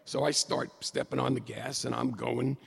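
A middle-aged man telling a humorous personal story to an audience, animated and excitable, with jokey asides. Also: mid-range voice, moderate pace, vocal fry, breathy edge, in a large hall.

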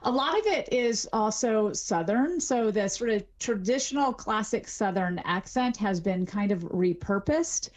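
A woman's voice: medium pitch, expressive, unhurried, hardly any pauses, a little mellow. A middle-aged woman, a linguistics professor, explaining things articulately as a guest in an interview. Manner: articulate, explanatory, with some fillers. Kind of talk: expert interview.

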